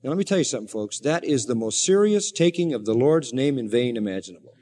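A man's voice: mid-range voice, big pitch swings, fast talker, hardly any pauses, warm tone, long reverb tail. A man preaching a sermon as pastor, earnest and rising to fervent emphasis.

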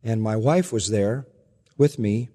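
A man preaching a sermon, telling stories earnestly and slowing down for the emotional parts. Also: on the low side, husky. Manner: earnest storytelling, slows and softens for emotional quotes. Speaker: pastor. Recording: long reverb from a large hall.

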